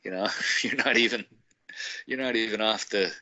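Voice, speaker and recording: A man's voice: on the low side, normal speed, bright, forceful tone, dull audio. A man casually telling a rambling story, laughing often and acting out the people he quotes. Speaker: guest recounting a meeting.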